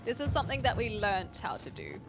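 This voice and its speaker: Young woman streaming a game, lots of ums, bouncy higher voice, game music going clearly behind her. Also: wildly swooping pitch, fairly quick. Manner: chatty, thinking aloud, frequent fillers. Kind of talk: casual gameplay commentary.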